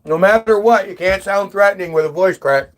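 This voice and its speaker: A man's voice: high-pitched, a little fast, slight background noise. A man talking casually to the camera outdoors in freezing weather, rambling, swearing and stammering as he repeats himself. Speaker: vlogger.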